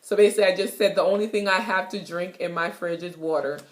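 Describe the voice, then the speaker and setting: A young woman with a Jamaican accent teaches a casual self-recorded lesson in her apartment. She is chatty and repeats every word and phrase slowly so it sinks in. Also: fairly low pitch, steady tone. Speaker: language teacher vlogger. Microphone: self-recorded camera.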